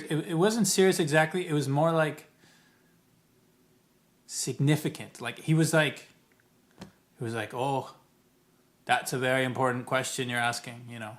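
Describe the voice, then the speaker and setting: Talking to camera about a trip, a vlogger with a slightly high voice rambles in a loose, chatty way, often breaking off mid-phrase to correct himself. Whenever he quotes people he met, his voice leaps up in animated bursts.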